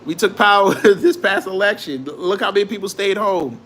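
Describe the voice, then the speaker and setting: A man with a high-pitched voice riffs through a casual commentary show, teasing and mocking, laughing at his own jokes. A faint hiss of background noise sits under his voice. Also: normal speed, fairly bright tone. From immigrant to the United States. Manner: joking, mocking, laughs often.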